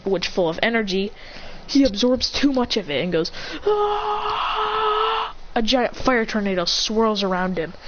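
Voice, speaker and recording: Woman storyteller, mid pitch, rambling improvised narration, dull lo-fi recording with faint noise. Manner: rambling, self-correcting. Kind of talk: improvised fan-fiction narration.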